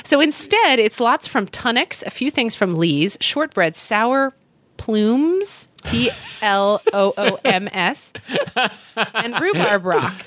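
A woman co-hosting a casual food podcast, giggling often and reading aloud with animated emphasis. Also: on the high side, slow, no room sound. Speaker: podcast co-host.

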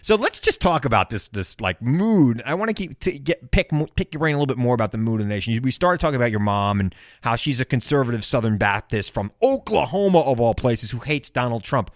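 A man's voice: mid-range voice, animated, fast, hardly any pauses, no echo, clean studio sound. A man from New York hosting a podcast, talking politics in casual, joking banter. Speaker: podcast host.

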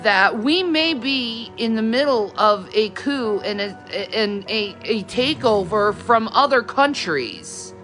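A woman's voice: on the high side, expressive, a bit bright. A woman vlogger speaking hesitantly, stalling with fillers as she rambles through a confessional video. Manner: hesitant, halting, many fillers. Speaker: vlogger in a played clip. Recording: music playing under the voice.

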